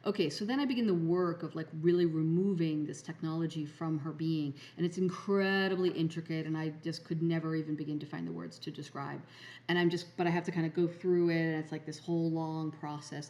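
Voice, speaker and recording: A woman's voice: deep voice, steady tone, fairly quick, mellow. A woman hosting a podcast, telling a spiritual story in a rambling way, full of fillers and restarts. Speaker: podcast host.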